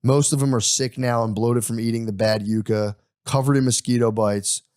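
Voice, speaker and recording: Man, podcast host, casual crude storytelling, mid pitch, dry sound. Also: steady tone, normal speed, a little mellow, clear, resonant tone, dry recording. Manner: crude, laid-back retelling with voiced quotes.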